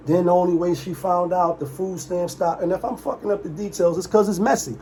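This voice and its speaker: Quick impressions and scattered asides fill the rambling, casual vlog of this young commentary channel host. His voice is slightly higher, his manner loose and animated, and a faint room-noise hiss runs beneath it.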